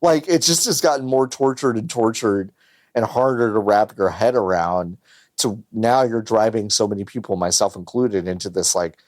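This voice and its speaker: A man co-hosts a podcast in casual chat, animated, swearing freely, and acting out voices. His voice is on the low side at a moderate pace, recorded with studio quality and no room sound.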